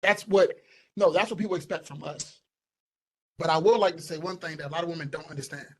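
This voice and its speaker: A young man co-hosting a casual podcast, talking in an animated, emphatic way and repeating points for stress. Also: on the high side, fast talker, low-quality recording. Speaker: podcast co-host. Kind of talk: casual opinionated chat.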